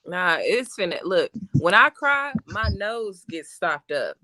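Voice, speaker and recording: A woman's voice: fairly low pitch, sing-song, slow, crowd noise. A woman co-hosting a casual podcast, blunt and profane, telling stories with animation. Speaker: podcast co-host. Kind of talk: casual group podcast chat. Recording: loud noise on remote call.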